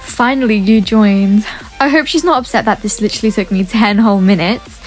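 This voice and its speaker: A young woman giving casual game commentary to her viewers, chatty and excitable, often gasping and gushing as she talks. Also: medium pitch, a little fast, soft background music. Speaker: gaming YouTuber.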